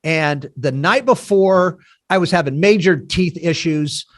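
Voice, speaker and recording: Older man with a raised pitch telling stories. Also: unhurried. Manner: storyteller, animated, laughs between lines. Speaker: podcast host and founder of a recovery nonprofit. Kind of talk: casual podcast conversation.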